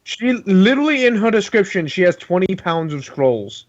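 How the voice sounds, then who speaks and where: A man's voice: high-pitched, sing-song, moderate pace, a little hiss or hum. Joking man player on lo-fi audio. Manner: chatty and joking. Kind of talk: casual tabletop game play. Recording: dull lo-fi audio.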